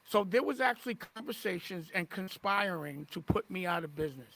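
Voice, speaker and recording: A man speaks with a raised, gravelly voice, full of indignation as he defends himself. He often restarts and repeats words mid-sentence. His tone stays heated and insistent. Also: high-pitched, expressive, fairly quick, fairly bright tone, no echo. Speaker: interviewee in a played clip. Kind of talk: heated interview talk.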